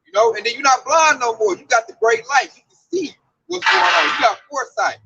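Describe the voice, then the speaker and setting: A man preaching in loose, excitable chat, riffing and exclaiming between scripture readings. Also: very high-pitched, a little fast, creaky, lo-fi sound, heavy background noise. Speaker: street preacher.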